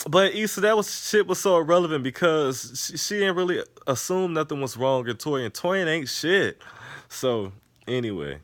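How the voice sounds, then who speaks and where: Profane, animated man recapping TV. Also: on the high side, moderate pace, dry recording. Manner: animated, profane, laughs often. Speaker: TV episode reviewer. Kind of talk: casual recap with acted-out quotes.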